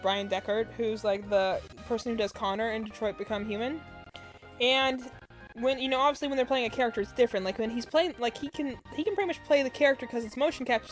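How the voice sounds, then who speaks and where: A woman chatting casually while she crochets on a stream, rambling with lots of filler words and muttering stitch counts under her breath. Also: fairly high pitch. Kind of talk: casual chat.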